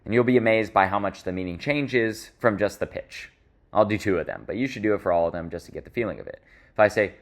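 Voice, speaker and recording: A man's voice: sits low, fast talker. A man teaching public speaking in an instructional talk, stressing key words and shifting his pace and volume to make his points. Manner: expressive, varies pace and volume for emphasis.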